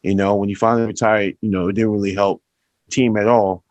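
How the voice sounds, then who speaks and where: A man's voice: lowish voice, flat delivery, quick pace, darkish tone, no room sound. A man speaking casually on a podcast, stringing his points together with fillers. His voice sits in a middle range and sounds dry, close to the mic. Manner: chatty, lots of "you know" fillers. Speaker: podcast co-host. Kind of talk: casual chat.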